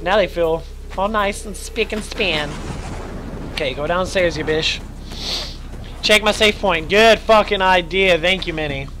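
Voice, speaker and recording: A man doing casual let's play commentary, excitable, joking and swearing a lot. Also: high-pitched, measured pace, long pauses, a little hiss or hum. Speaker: gamer.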